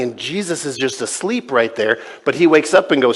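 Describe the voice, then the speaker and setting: A man's voice: fairly high pitch, animated, fairly quick, hardly any pauses, a bit bright. A male pastor preaching a sermon in a conversational way, retelling scenes and voicing quoted dialogue. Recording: long reverb in a large church.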